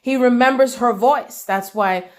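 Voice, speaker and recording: A woman delivering a channeled spiritual message, repeating phrases in an incantatory way and swinging between loud declarations and near-whispers. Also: fairly high pitch, measured pace.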